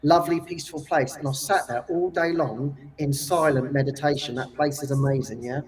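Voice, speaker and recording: A man telling a personal story in casual chat, animated and laughing often as he acts out quotes. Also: on the high side, brisk. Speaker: guest. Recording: distant from the mic.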